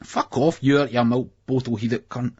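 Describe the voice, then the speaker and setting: A man reading the part of a hostile teenage boy with a husky voice. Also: medium pitch, steady tone, measured pace, mellow, dry recording, dull audio, pitched above the performer's own voice. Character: young male tough, bitter teenage schemie.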